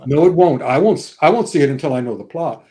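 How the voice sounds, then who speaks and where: Older male regular guest, chatty film storyteller, voice a bit on the high side. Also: quick pace. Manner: animated storyteller, acts out quotes in different voices. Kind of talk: casual podcast chat.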